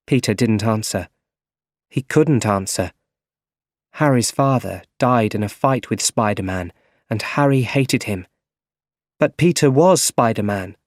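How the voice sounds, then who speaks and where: A man reading a storybook for English learners at a very slow, careful pace, his voice mid-pitched and clear. The recording is dry and close, with no room around it. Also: no room sound. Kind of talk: slow scripted story narration.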